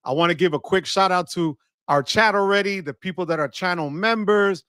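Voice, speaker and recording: Hosting a live credit card show from home, this man chats casually on stream, greeting viewers by name and slipping in Spanish words. His voice sits high for a man, is a bit affected by allergies, and comes across a little fast, slightly bright, clear and resonant. A close studio mic keeps it dry, with no room sound at all.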